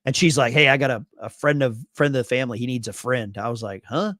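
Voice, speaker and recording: A man's voice: medium pitch, fast, dry recording, clean studio sound. A man co-hosting a casual veterans' live stream, telling stories and acting out the people in them. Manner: animated, acts out quoted voices. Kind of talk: casual storytelling chat.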